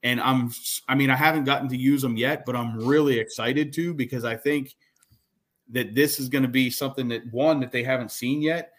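A man's voice: medium pitch, steady tone, brisk. Rambling man explaining on a podcast. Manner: explains at length, starts sentences with "so". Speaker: podcast co-host. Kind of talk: casual podcast chat.

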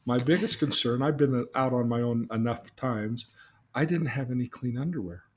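A man's voice: mid-range voice, moderate pace, slight background noise. A man telling personal stories in a casual, earnest way, repeating himself and asking leading questions. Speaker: guest telling life stories.

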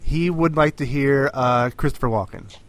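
A man's voice: mid-range voice, normal speed, no echo. Easygoing male podcast host. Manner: easygoing, laughs along, short replies. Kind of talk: casual podcast chat.

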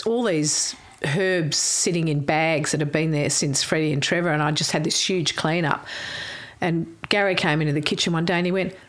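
Rambling middle-aged woman. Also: low voice. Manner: rambling storyteller, laughs often. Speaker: former chef. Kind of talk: casual reminiscing chat.

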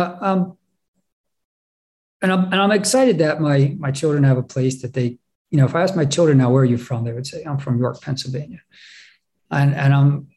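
A man telling a personal story on stage in a reflective, halting way, often restarting his sentences. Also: fairly high pitch, darkish tone. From England.

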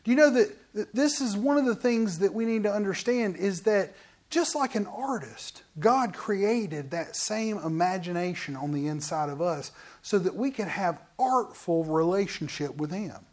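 A man pastor preaching a sermon in an animated, conversational way, full of asides to the congregation. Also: sits high, normal speed. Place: church.

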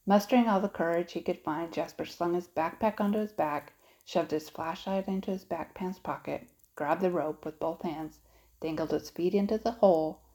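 A woman narrating a children's audiobook in a steady, expressive storytelling manner. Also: lowish voice, low-quality recording.

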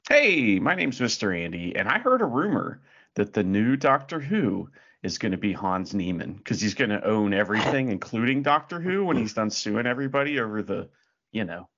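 A man co-hosting a casual podcast, animated and rambling, with many fillers. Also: lowish voice, moderate pace, lo-fi sound. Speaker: podcast co-host.

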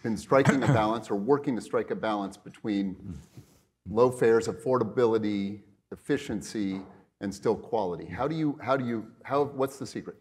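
Low-voiced man hosting an onstage interview. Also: normal speed. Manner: rambling, full of restarts and asides. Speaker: interviewer at a business luncheon.

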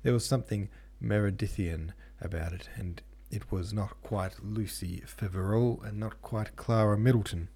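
In a steady, deliberate narration of a classic novel, a male audiobook reader and podcast host speaks in a low register. His tone is dark and mellow, edged with huskiness.

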